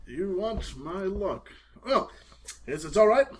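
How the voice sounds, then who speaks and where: A man playing a tabletop game, casually voicing a vain movie star in a slow, drawling way. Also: sits high, sing-song, crowd noise. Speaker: player.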